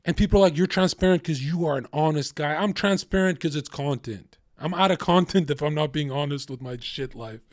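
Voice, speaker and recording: A man's voice: fairly high pitch, brisk, few pauses, no echo, studio quality. A man livestreaming, ranting casually in a heated, profane, rambling way.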